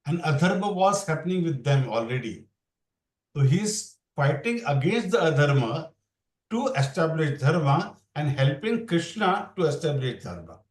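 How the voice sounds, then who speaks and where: A man teaches a scripture class, wandering through his points and restarting sentences. His voice sits slightly high for a man. He is heard from a distance in a roomy, echoing space. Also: sing-song, normal speed. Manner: rambling, restarts, mixes English with Hindi. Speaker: Bhagavad Gita class teacher. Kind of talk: explaining scripture in a casual class. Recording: roomy sound, far from the mic.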